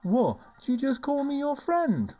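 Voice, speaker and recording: A lovesick young elf man from a role-playing game, put on by a man, pleading in an exaggerated Scouse lilt. His voice sits higher than a normal male voice and swoops up and down with emphasis. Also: expressive, unhurried, darkish tone, lo-fi sound, faint music behind. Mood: hurt.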